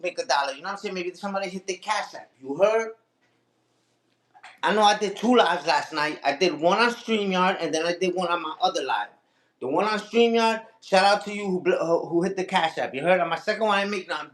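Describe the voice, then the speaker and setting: High-voiced man ranting on a livestream. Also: fairly bright tone, echoey room. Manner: repeats catchphrases, talks back to critics. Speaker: livestream host. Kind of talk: casual livestream rant.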